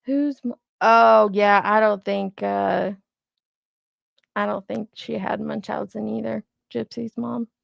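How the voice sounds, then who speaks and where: A woman's voice: mid-range voice, steady tone, takes it slowly, vocal fry, dry recording, dull audio. A woman in her thirties, hosting a casual livestream and chatting loosely while she reacts to viewer comments. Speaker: commentary channel host.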